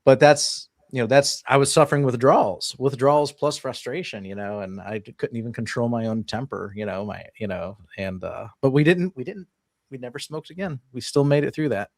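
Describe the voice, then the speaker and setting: A man's voice: medium pitch, a little fast, no room sound, studio quality. A man in casual conversation, telling a personal story animatedly with frequent laughs and restarts.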